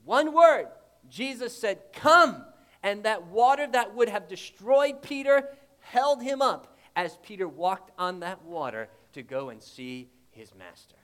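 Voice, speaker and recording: A man with a strikingly high voice preaches a sermon in a dramatic style. He swings from loud declarations to hushed, intimate asides and keeps asking his listeners rhetorical questions. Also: big pitch swings, unhurried. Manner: retells the scripture story vividly.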